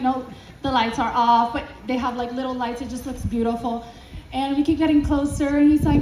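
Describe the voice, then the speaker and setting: A woman vlogger casually telling an animated story to camera, acting out dialogue and laughing often. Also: sits high, a little fast, far from the mic, a little hiss or hum. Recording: roomy echo, away from the mic.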